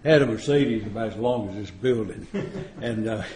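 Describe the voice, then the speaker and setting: A man's voice: on the low side, normal speed, a little mellow. Folksy man telling stories in an echoey room. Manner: folksy, joking, chuckles often. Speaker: AA retreat speaker. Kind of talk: storytelling recovery talk.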